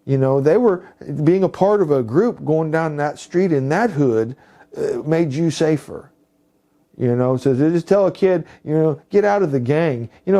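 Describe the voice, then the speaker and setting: A man's voice: on the high side, warm tone. A man presenting to police officers in a recorded talk, rambling, with many fillers and restarts. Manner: rambling, heavy with "you know" and restarts. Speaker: presenter for a healing services group.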